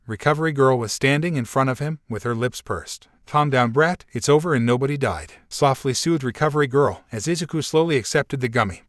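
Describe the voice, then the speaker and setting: Man, storyteller, steady even reading, mid pitch, dry close mic. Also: dry recording. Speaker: narrator. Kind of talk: reading fan fiction aloud.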